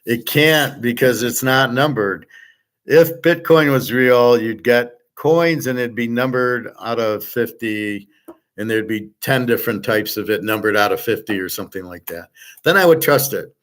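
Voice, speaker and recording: A man teaching a relaxed online class, blunt and profane, rambling with restarts and answering viewers' chat. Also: mid-range voice, normal speed. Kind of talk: casual livestream lecture.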